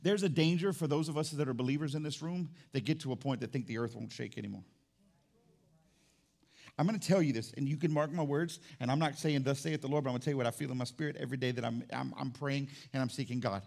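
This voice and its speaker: A male pastor preaching a sermon in a church, impassioned, swinging from low and intimate to loud and fervent. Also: fast talker, creaky. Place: church sanctuary.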